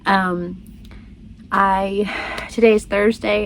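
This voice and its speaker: A woman's voice: mid-range voice, fairly even intonation, a little slow, creaky, a little hiss or hum. A woman chatting casually to her viewers, rambling and laughing often as she tells her story. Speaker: crochet vlogger. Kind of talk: casual chat.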